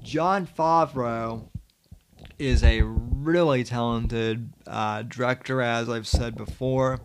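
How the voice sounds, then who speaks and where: A man's voice: mid-range voice, fairly even intonation, slow, noisy background. A young man hosting a podcast, rambling casually with many fillers and the odd swear. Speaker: podcast host.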